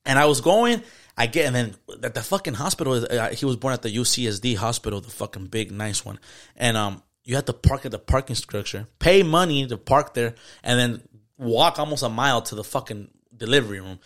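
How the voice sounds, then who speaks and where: Fast-talking slangy man. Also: mid-range voice, a bit bright. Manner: slangy, profane, mixes in Spanish words. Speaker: podcast host. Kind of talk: casual storytelling chat.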